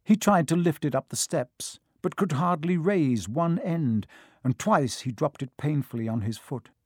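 A man's voice: a little high, expressive, darkish tone, no echo. Man narrating a storybook, dry close sound. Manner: measured storytelling. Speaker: audiobook narrator. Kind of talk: scripted narration.

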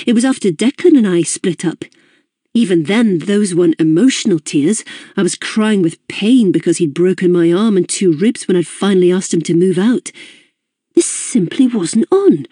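A woman's voice: mid-range voice, warm tone, slightly rough, no room sound, studio quality. A woman narrating a novel in the first person, in a precise and formal manner. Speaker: audiobook narrator.

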